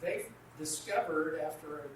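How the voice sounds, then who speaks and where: A man with a high voice sounds distant and echoey, speaking a little slowly. He co-hosts a Christian marriage class in a casual radio discussion, recorded in an echoey, noisy room far from the mic.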